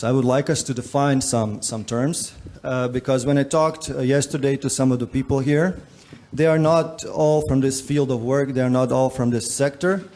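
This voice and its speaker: Relaxed man moderating a conference panel. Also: medium pitch, a little hiss or hum. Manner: relaxed, joking, with frequent fillers. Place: conference stage.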